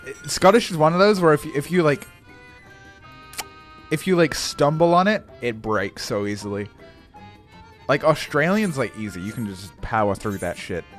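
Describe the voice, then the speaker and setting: A man's voice: on the high side, expressive, moderate pace, pauses often. Casual swearing male streamer. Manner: casual, swears, laughs, stumbles over words. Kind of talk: live game stream chat. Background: faint game music.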